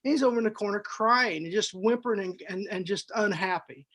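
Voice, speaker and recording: A man, co-host and author on a podcast, tells a story in a casual, animated way, repeating himself and adding fillers as he goes. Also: sits high, a little fast. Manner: animated, rambling storyteller who repeats words.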